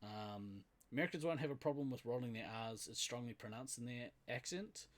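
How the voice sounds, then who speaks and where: A man's voice: mid-range voice, a little fast. Chatty New Zealand man, laughing a lot. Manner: laughs often, chatty and loose, trails off with fillers. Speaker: podcast co-host. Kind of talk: casual chat.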